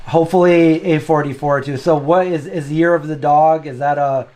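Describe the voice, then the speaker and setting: A man's voice: fairly high pitch, fairly even intonation, normal speed, a little mellow, rough recording. A man hosting a casual cooking show, chatting loosely and thinking aloud with frequent restarts. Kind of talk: casual chat.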